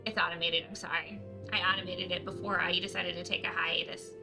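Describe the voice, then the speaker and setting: A woman streamer chatting casually and excitably on a livestream, laughing often. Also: fairly low pitch, a little fast, vocal fry, hardly any pauses, over music, poor audio.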